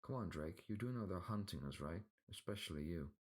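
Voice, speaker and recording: A man voicing a calm male group leader who explains plans in a steady way, in a storybook reading. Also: sits low, a little fast.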